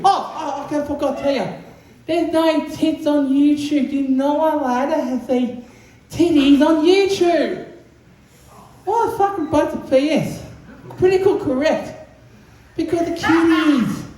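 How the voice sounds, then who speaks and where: A man's voice: extremely high pitch, dark tone. A man doing a crude, rambling open mic stand-up set in a comedy room. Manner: crude, rambling, mimics sounds. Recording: very echoey room, faint background noise.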